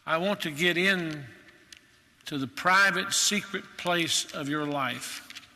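A man's voice: fairly high pitch, takes it slowly, sharp tone, long reverb tail. A male preacher delivering a sermon in an earnest, emphatic manner.

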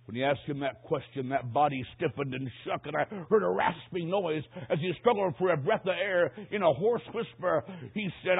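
A man preaching a sermon, telling a story dramatically, dropping to a hush and rising to a shout. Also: a little high, normal speed, creaky, hardly any pauses, husky. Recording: tinny phone-like lo-fi recording.

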